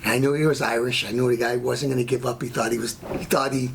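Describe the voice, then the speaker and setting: A man's voice: mid-range voice, steady tone, fast talker, creaky, a little hiss or hum. An American man hosting his own show, telling a long blunt story and going off on tangents. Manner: rambling, blunt, goes off on tangents. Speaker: show host. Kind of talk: opinionated monologue.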